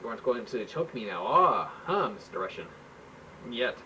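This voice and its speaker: A man's voice: medium pitch, big pitch swings, moderate pace, lightly acted. A man voicing a gloating, menacing male president who hisses taunting threats. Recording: faint hiss, mic far off.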